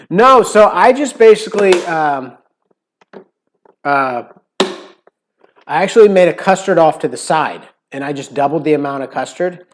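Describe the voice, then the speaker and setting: A man's voice: fairly high pitch, animated, moderate pace, pauses often, slight background noise. An American man hosting a cooking livestream, chatting casually and rambling with lots of fillers. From United States. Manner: rambling, many "like" fillers, playful accent imitations. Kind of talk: casual chat.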